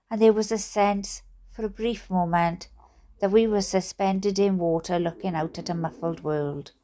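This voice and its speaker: A Welsh woman reading a book aloud in an expressive, playful way. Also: mid-range voice. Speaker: storyteller.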